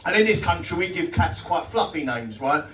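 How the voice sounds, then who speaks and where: A man's voice: a little high, expressive, a little fast, pushed and bright. A middle-aged British man doing a live stand-up set, crude and cheeky, often chuckling at his own jokes and bantering with the crowd. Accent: British English. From Britain. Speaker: stand-up comedian. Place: small social club comedy night. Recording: roomy venue audio taken from a distance, with crowd noise. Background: audience laughter.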